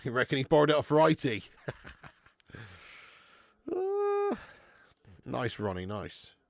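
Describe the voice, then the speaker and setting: A young man with a gravelly, fry-edged voice hosts a live football stream and reads out the chat. His pitch jumps up and down as he talks, casually and with plenty of swearing. The recording is dry and close, with no room sound. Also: animated, moderate pace, dry recording. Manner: swears freely, laughs often, calls viewers mate. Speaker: watch-along host reading live chat.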